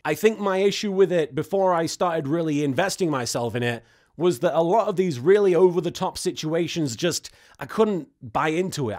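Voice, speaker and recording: Sarcastic man recapping an anime. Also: fairly high pitch. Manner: sarcastic, exasperated asides. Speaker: host recapping an anime episode. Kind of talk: comedic recap commentary.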